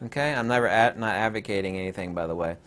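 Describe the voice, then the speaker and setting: A man's voice: on the low side, quick pace, a bit bright, clear, resonant tone. A man hosting a rambling, sarcastic commentary video, full of digressions and mocking asides.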